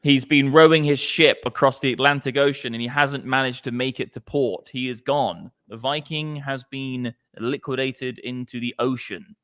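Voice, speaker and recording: A man's voice: mid-range voice, steady tone, moderate pace, few pauses, fairly bright tone. A man hosting a casual crypto chat, jokey and rambling, full of likes. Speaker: crypto show host.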